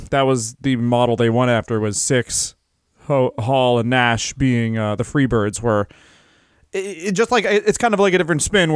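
A man co-hosting a wrestling podcast, chatting casually with wry, deadpan jokes. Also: medium pitch, clean tone, no echo, clean studio sound. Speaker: podcast co-host. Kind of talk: casual comedic chat.

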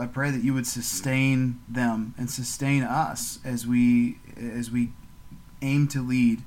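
Man, mid-pitched voice, earnest, halting, spoken prayer, podcast co-host. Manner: earnest, halting with repeated words. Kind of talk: casual chat and spoken prayer.

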